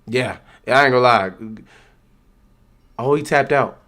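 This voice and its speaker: A man's voice: medium pitch, measured pace, fairly bright tone. A man hosting a livestream, giving slangy, loose live reaction commentary and talking back at the screen. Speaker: livestream host.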